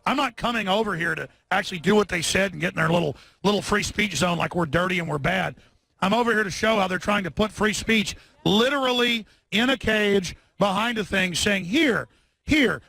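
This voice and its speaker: A man hosting a live broadcast from a street protest, talking in a rapid, combative rant and leading chants through a bullhorn. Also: high voice, creaky. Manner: shouts slogans through a bullhorn. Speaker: talk show host.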